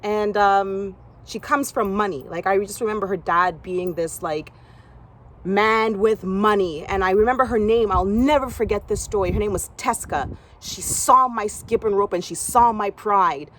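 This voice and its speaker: A young woman from Canada telling a personal story from her gymnastics past, acting out other people's lines in a higher voice. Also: normal speed, a bit bright.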